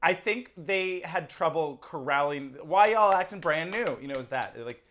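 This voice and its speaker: Chatty low-voiced woman co-host. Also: expressive, normal speed, background noise. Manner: chatty, laughs often, sums up the episode. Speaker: podcast co-host. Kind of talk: casual chat recapping a TV show.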